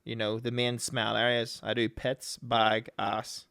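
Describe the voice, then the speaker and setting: A young Northern Irish man co-hosting a podcast, answering with quick, laughing retorts. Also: mid-range voice, completely flat delivery, creaky, sharp tone, no room sound, clean studio sound. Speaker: podcast co-host. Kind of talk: casual podcast banter.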